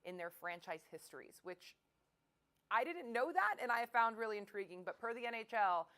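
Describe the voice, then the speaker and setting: A woman's voice: a little high, lively intonation, a little fast, pushed and bright. A woman sports reporter chatting casually on a live local news broadcast, enthusiastic and playful.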